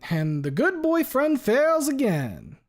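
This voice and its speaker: A cunning courtroom lawyer barking pointed questions at a witness, as a man puts him on. His voice jumps well above the reader's own and gets louder, with a showy, pushy bite. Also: high-pitched, sing-song, fast talker, voice pushed up. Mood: probing. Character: sly, determined male courtroom lawyer.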